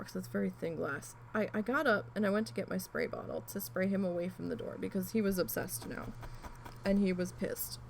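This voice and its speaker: A woman vlogger telling a rambling, animated story in a casual chat while she crafts, with asides and mild swearing. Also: medium pitch, fairly quick, vocal fry, a little hiss or hum, poor audio.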